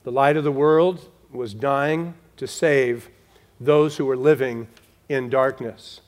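A man preaching a sermon to his congregation, slowing for emphasis and dropping to a hush on key words. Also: mid-range voice, fairly even intonation. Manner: direct, talks to the congregation. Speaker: pastor.

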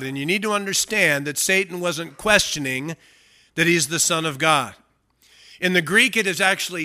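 Pastor guy preaching, really bright sharp voice, keeps asking the crowd questions. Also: sits high, normal speed. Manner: emphatic, asks the congregation questions. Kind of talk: expository sermon.

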